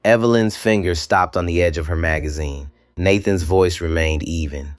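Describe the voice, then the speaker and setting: A man narrating a dramatic scripted story, measured and slow, with deliberate pauses. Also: low voice, no room sound, studio quality.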